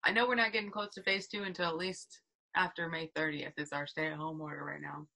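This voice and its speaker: A young woman hosting a casual podcast chat, playful and quick to laugh. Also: deep voice, flat delivery, vocal fry, bright, forceful tone. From North Carolina. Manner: giggly, playful. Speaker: podcast host.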